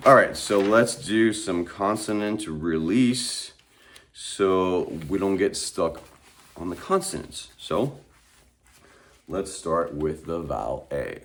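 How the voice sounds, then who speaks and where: A man talks through a vocal warm-up in a deep, low voice. He speaks at an extremely slow, deliberate pace, elongating each vowel as he drills words and explains his practice.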